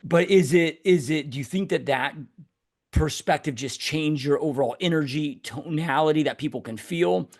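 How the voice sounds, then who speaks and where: A man's voice: fairly high pitch, normal speed. A man hosting a podcast conversation over an online call, talking casually and saying "dude" and "you know" a lot. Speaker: podcast host. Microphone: online call mic.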